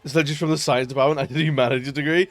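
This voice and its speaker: A man's voice: fairly high pitch, steady tone, very fast, soft background music. A young man in his twenties chatting casually on a live stream, rambling and laughing often. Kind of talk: casual chat.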